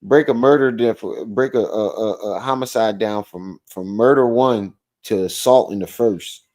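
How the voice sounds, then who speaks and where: A man hosting a livestream, reacting to a clip with animated, mocking commentary. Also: lowish voice, normal speed. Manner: animated, mocking, repeats phrases. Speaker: livestream host.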